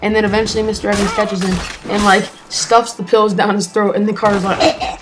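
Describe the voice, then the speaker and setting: A woman's voice: mid-range voice, level tone, fast talker, background noise. A woman telling a casual story in a chatty way, full of fillers.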